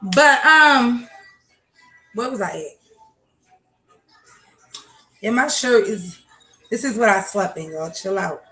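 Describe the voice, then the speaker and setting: A woman's voice: medium pitch, expressive, slow pace, pauses often, pushed and bright, soft background music. A woman hosting a casual morning livestream from home, ranting bluntly and profanely while talking to her chat. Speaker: livestream host. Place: home, kitchen. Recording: echoey room with faint noise.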